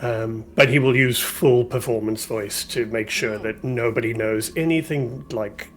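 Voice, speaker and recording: Joking tabletop player, mid pitch. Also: measured pace. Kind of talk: tabletop role-play, casual chat.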